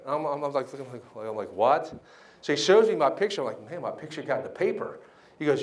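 A man giving a motivational banquet speech, telling his story with lively acted-out quotes. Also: medium pitch, fast. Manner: animated storyteller, acts out quoted voices. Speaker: keynote speaker. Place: banquet hall.

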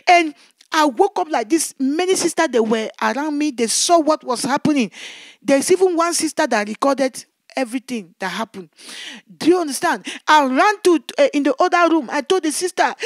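Woman evangelist, very high voice, emotional testimony, repeats words, dry close sound. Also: animated, normal speed, no echo. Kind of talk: testimony preaching.

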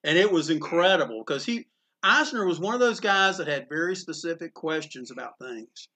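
A man's voice: a little high, animated, moderate pace, bright, forceful tone. A man casually telling a story, chatty and full of restarts and asides. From Greensboro, North Carolina. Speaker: comic book store owner telling a story. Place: inside a comic book store.

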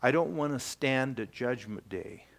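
Older guy pastor preaching, slow and easy, lots of pauses. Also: mid-range voice, expressive, vocal fry. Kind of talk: sermon. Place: church.

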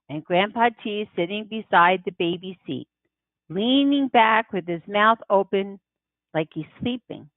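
A woman reading a children's novel aloud in the first person, unhurried and expressive. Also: mid-range voice, dry recording. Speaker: audiobook reader. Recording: tinny phone-like dry sound.

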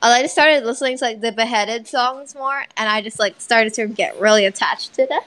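A chatty woman hosting a casual question-and-answer video. Her voice sits a little high, and she strings thoughts together with constant "like"s and quick laughs. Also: a bit bright, rough recording. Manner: chatty, heavy use of "like", laughs often. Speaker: channel host reading viewer questions. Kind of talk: casual chat.

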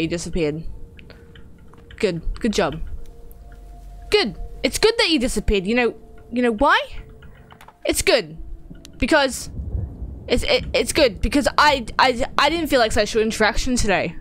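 Jumpy, lively young woman gaming. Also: a little high, slight background noise. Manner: jumpy and swearing, laughing nervously, shrieking when startled. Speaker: gaming streamer. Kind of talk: horror game let's play commentary.

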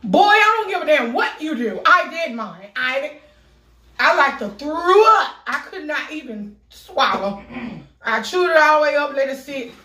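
A woman vlogger in a casual video who talks in pain from a burning mouth, with loud exclamations and heavy cursing. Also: sits high, lively intonation, moderate pace. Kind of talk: casual vlog talk. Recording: echoey room, mic at a distance.

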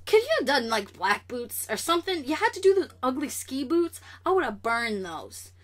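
A young woman vlogger chatting casually and sassily about comic news, animated and straight to the camera. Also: sits high, moderate pace.

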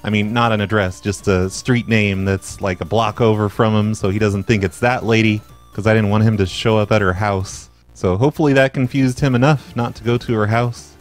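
A man's voice: on the low side, fairly quick, few pauses, faint music behind. Chatty man hosting a prank show. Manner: relaxed, chatty, rambling asides. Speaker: host and prank caller. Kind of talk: casual podcast narration.

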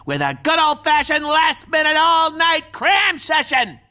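A goofy cartoon teen dog, chummy and jokey. His voice is bright and bouncy, and he speaks slowly. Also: high-pitched, big pitch swings, faint music behind, heavily acted.

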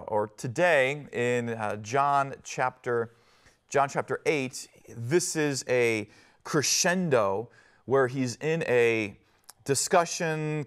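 Guy pastor doing a tv sermon, earnest and chatty, lots of uh's and restarts. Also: medium pitch. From Northwest Ohio. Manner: earnest, conversational, with frequent restarts and "uh" fillers.

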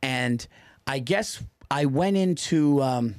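A man hosting a podcast, telling a story in casual, animated chat. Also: medium pitch, takes it slowly, no echo, clean studio sound. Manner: storytelling, animated, restarts often. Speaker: podcast host.

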